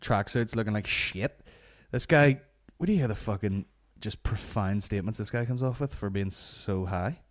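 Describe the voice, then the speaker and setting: A man with a Northern Irish accent, voice on the low side and normal in speed, hosts a comedy podcast. Holed up in his warm garage at home, he rambles and swears through crude banter.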